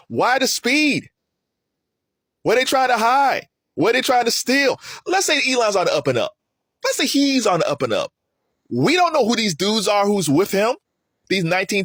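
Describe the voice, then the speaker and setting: A man's voice: high voice, a bit bright, no room sound, clean studio sound. A man giving heated solo political commentary, asking rhetorical questions and mocking his opponents.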